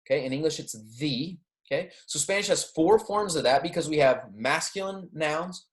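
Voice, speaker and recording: Expressive and on the high side, this man's voice leads a recorded Spanish grammar lecture. His explanations are patient, punctuated by frequent "right?" and "okay?" check-ins, with the Spanish examples spoken slowly and clearly.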